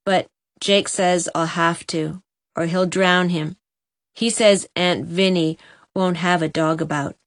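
Give me a sad, gruff country boy, read by a woman, speaking dully and hoarsely in a storybook. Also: lowish voice, steady tone, slow, no echo, clean studio sound. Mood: dull. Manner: dull, hoarse, holding back tears.

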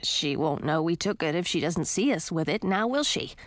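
A woman voicing a grumpy, sarcastic male frog who mutters and drops to a hushed whisper. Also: medium pitch, expressive, a little slow, dry recording. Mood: sly whisper.

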